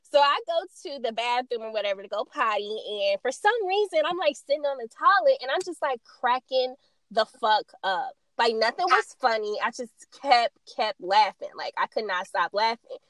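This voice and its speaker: Animated young woman telling a funny story. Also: on the high side, moderate pace, no room sound. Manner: animated, laughing, swearing, acts out quoted friends. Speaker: podcast co-host. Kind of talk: casual chat, storytelling.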